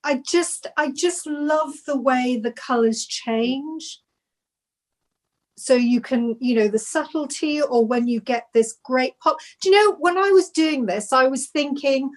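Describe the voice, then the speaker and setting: A woman with a high, bright voice talks on a video call. She gushes with enthusiasm and rambles, restarting her sentences as she goes. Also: a little slow. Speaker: knitwear designer. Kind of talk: casual live video chat.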